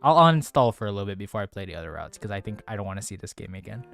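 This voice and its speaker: A man's voice: lowish voice, big pitch swings, racing, vocal fry, a bit bright, soft background music. A man giving casual gaming commentary, frustrated and swearing as he rambles with restarts. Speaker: let's play gamer.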